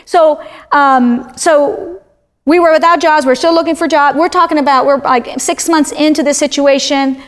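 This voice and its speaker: A woman's voice: high-pitched, fairly even intonation, normal speed. A woman from Florida, a self-described talker, animatedly sharing a personal faith testimony in conversation.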